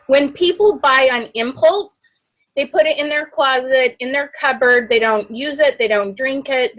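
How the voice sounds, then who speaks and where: A loud, outgoing woman giving an animated coaching talk to a sales team. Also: high-pitched, poor audio. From not from the Midwest.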